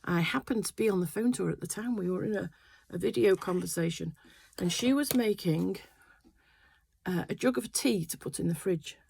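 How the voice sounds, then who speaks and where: A woman's voice: on the low side, moderate pace, vocal fry, darkish tone, slightly rough. An older woman chatting casually in her sewing room, telling a rambling family story full of fillers. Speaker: quilting vlogger. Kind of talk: casual chat.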